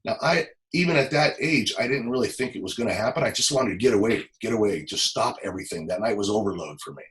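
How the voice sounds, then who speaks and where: Brief: middle-aged ex-cop from Los Angeles, lowish voice, emotional, stumbling storytelling. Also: male voice, lively intonation, fairly bright tone, low-quality recording. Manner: halting, repeats words, emotional. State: close to tears. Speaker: former police officer. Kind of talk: personal storytelling in an interview.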